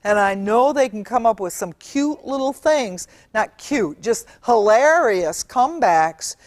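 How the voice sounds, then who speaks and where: A woman's voice: fairly high pitch, lively intonation, measured pace, no room sound. A middle-aged woman giving an earnest, emphatic Bible teaching in a studio, stretching out key words and using fillers. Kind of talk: teaching sermon.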